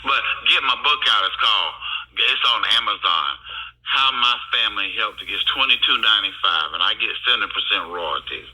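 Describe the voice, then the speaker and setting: A man caller presses his points in a sharp, very bright voice, circling back to the same demands again and again. His tone stays accusing and insistent. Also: fairly low pitch, lively intonation, brisk, rough recording. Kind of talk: heated phone call.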